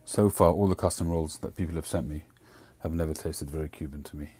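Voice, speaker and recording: A middle-aged man hosts a relaxed livestream chat in a very low, husky voice. He rambles and wanders off topic. His tone is dark and mellow. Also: brisk. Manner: rambling, chatty, drifting off topic. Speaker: host.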